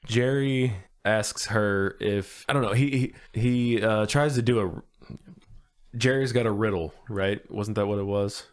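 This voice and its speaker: A man's voice: lowish voice, unhurried, smooth. A man co-hosting a casual movie podcast, chiming in with short replies and laughing often. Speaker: podcast co-host. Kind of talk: casual movie review chat.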